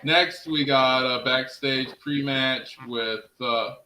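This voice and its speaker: An excitable man hosts a casual stream, talking straight to his viewers. His voice is very bright and sharp at a middling pitch, with a faint hiss underneath. He gushes and rambles, dropping "freaking" into almost every line. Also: slow pace, low-quality recording. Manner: enthusiastic, fills speech with "freaking". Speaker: host of a wrestling recap stream. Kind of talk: casual chat. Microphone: streaming setup, talking to chat.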